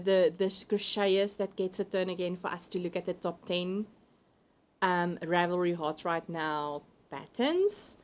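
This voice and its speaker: A woman with a South African accent hosts a relaxed live stream from home, talking through a computer mic. She chats freely, laughs often and reads viewers' comments aloud as they come in. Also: mid-range voice. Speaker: livestream host. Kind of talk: casual chat reading viewer comments.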